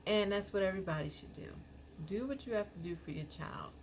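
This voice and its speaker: A woman's voice: mid-range voice, animated, a little fast, slight background noise. A woman in her thirties, a parent vlogger talking casually to her viewers in a rambling way, full of "you know"s. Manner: rambling, filler-heavy, many "you know"s. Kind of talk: casual chat to camera.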